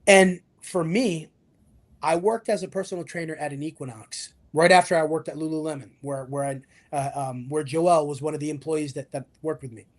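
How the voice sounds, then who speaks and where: A man's voice: on the high side, brisk. A man, a fitness coach, talking in an interview with motivational energy and acting out the voices of the people he quotes. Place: video call interview.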